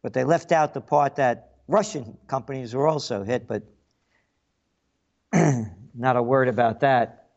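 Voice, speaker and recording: Slow, sarcastic male radio host. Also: mid-range voice, darkish tone, highs cut off. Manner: sarcastic, facetious commentary. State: frog in throat, coughing. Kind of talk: talk radio monologue.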